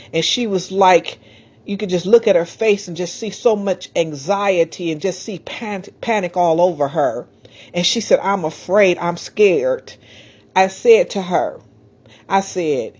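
A woman's voice: on the low side, darkish tone. A woman preaching a fervent sermon into a handheld microphone, breaking into praise and stumbling for words. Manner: fervent, praising, halting at times. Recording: slightly dull lo-fi sound.

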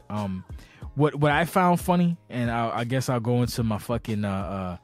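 A man's voice: medium pitch, fairly quick, soft background music. A man hosting a podcast in casual chat, a little tipsy, rambling, swearing and stumbling over his words as he rants. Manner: rambling, profane, animated, stutters and restarts. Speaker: podcast host.

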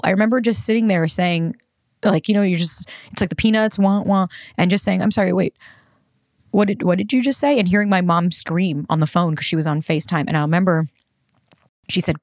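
A woman's voice: lowish voice, dry recording, clean studio sound. A young woman hosting a podcast, telling a personal story in a blunt, emotional way and swearing freely. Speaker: podcast host. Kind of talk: candid personal monologue.

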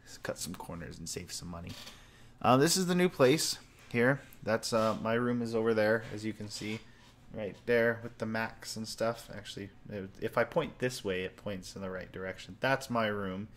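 A man's voice: lowish voice, normal speed, slight background noise. A young man recording a casual personal video message at home, talking in a loose, sincere, rambling way. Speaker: vlogger. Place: home office room.

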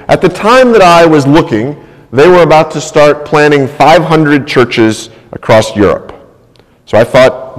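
A male pastor preaching a sermon, telling a personal story in a conversational way and often checking in with "right?". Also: fairly high pitch. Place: church sanctuary. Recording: long church reverb.

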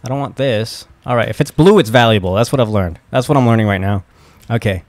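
In a dry recording, a young gaming video host talks fast at a medium pitch while playing, his casual commentary full of flustered excitement, exclamations and curses.

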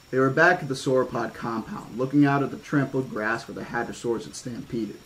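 Male audiobook reader, measured horror-toned narration, casual asides. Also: mid-range voice, fairly bright tone, rough recording. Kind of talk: horror-toned novel reading.

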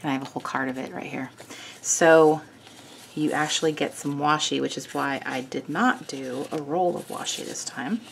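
A woman's voice: sits low, normal speed, creaky, a little hiss or hum. A woman hosting a craft video, chatting through a kit in a gushing way with small self-corrections. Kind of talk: casual product walkthrough.

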